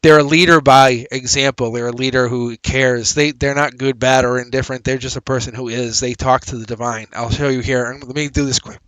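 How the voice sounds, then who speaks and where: A man's voice: medium pitch, fairly even intonation, brisk, few pauses, fairly bright tone, smooth, dry recording, poor audio. A man hosting a live tarot reading stream, chatting upbeat with viewers as he reads cards, repeating phrases and laughing often. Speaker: tarot reader and livestream host. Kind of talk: casual livestream tarot reading.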